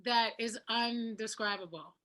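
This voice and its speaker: Woman guest, singer-actor, high and bright voice, encouraging, laughs easily, casual chat. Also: measured pace.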